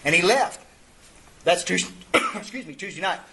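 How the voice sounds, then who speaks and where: Guy rambling through a story at a meeting, earthy, keeps restarting, voice a bit high. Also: expressive, normal speed, bright, forceful tone, poor audio. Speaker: speaker at a twelve-step recovery meeting. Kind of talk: folksy storytelling talk.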